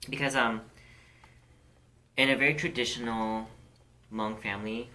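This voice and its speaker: A woman's voice: a bass voice, fairly even intonation, measured pace, sharp tone. A woman co-hosting a casual podcast chat, candid and outspoken, swearing freely as she speaks with conviction. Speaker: podcast co-host.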